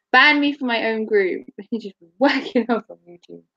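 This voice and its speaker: A woman's voice: on the high side, expressive, takes it slowly, bright, forceful tone, muffled recording. A woman chatting casually on her live stream, giggling often and swearing freely. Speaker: livestreamer.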